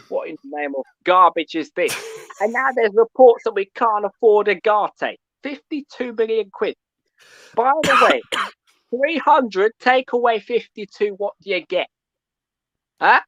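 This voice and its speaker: A male caller ranting about football, loud and animated, who keeps asking "yeah?" between points. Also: sits high, a little slow, no room sound, dull audio. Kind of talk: call-in football rant.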